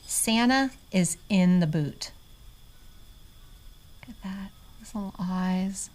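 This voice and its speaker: A middle-aged woman reselling vintage goods, chatting casually to her viewers and often dropping into an excited hushed near-whisper. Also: mid-range voice, slow pace. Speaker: vintage reseller showing inventory. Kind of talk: casual vlog chat.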